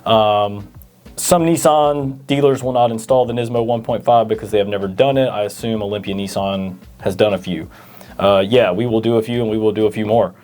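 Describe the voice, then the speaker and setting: A man's voice: on the low side, fairly quick, darkish tone, faint music behind. A man co-hosting a parts store Q&A, reading viewer questions and often stammering through fillers. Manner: hesitant, stammering with many fillers. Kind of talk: casual Q&A chat.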